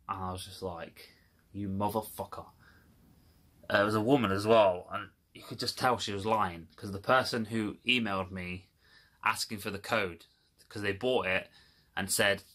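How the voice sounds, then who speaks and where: A man's voice: on the low side, steady tone, normal speed, pushed and bright. A man telling a rambling, swearing, exasperated story to his viewers in a casual vlog. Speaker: video creator. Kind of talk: casual rant to camera.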